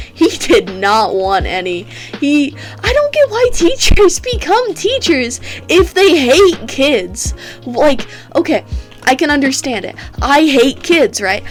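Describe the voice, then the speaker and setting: A teenage girl with a fairly high voice chats casually while gaming, rambling through stories and swearing freely. She laughs often. Soft music plays faintly underneath. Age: teens. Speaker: gaming streamer.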